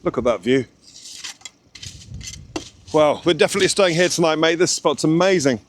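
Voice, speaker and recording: A man's voice: fairly high pitch, normal speed, a little hiss or hum. A man vlogging outdoors in the snow, chatty and reassuring as he gives directions. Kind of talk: casual vlog chat.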